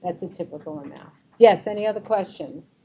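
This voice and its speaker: Speaking in a fairly low, warm voice at a brisk clip, this New York–accented woman presents a Medicare talk as an advisor. She keeps it chatty and quizzes the people in the meeting room with true-or-false questions. Faint room noise and a slight muffling color the recording.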